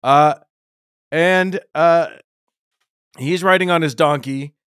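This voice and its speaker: A man hosting a casual podcast, retelling a story in an animated, joking way. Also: a little high, takes it slowly, clean tone, no room sound, clean studio sound. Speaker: podcast host. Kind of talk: casual bible discussion.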